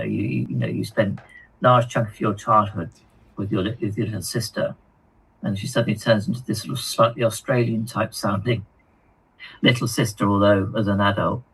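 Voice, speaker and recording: Guy hosting a hobby stream, gravelly and husky, stumbles over words a lot. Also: on the low side, fairly bright tone, rough recording. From United Kingdom. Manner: halting, repeats words, frequent ums. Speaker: co-host of a hobby live stream. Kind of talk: casual chat reading viewer comments.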